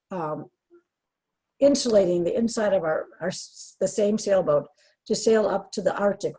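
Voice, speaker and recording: Husky older woman, heartfelt. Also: medium pitch, warm tone, low-quality recording. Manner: earnest, heartfelt, restarts and trailing pauses. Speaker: guest. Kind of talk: emotional personal interview.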